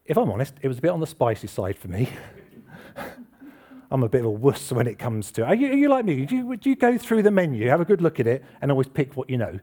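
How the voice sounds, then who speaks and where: A man's voice: medium pitch, big pitch swings, quick pace, mellow. A man preaching a casual, chatty sermon to a congregation, asking them questions and joking about himself. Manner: chatty, self-deprecating, asks the congregation questions. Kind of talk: informal church sermon. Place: church hall with congregation.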